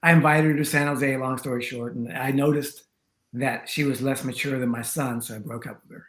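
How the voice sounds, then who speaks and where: A man's voice: mid-range voice, fairly even intonation, fairly quick, a bit bright. A man who teaches tantra, a guest telling a long personal story in a chatty, rambling way, full of "you know" and acted-out quotes. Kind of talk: storytelling in a conversation. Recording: roomy echo.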